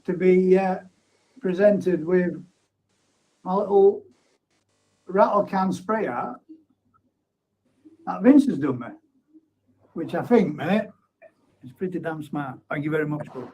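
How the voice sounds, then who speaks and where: A man on a casual live pond chat stream reads viewer comments in a laddish, talkative style, addressing people as mate and bud while he recovers from illness. His high-pitched voice moves slowly with long pauses and has a dark tone. The highs are cut off, and there's faint background noise.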